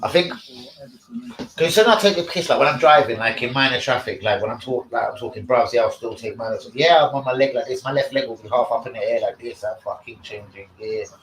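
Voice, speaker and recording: A man's voice: mid-range voice, quick pace, a bit bright. A man, rambling and swearing in casual live-stream chat as the host. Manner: rambling, slangy, swears a lot. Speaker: livestream host. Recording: echoey room.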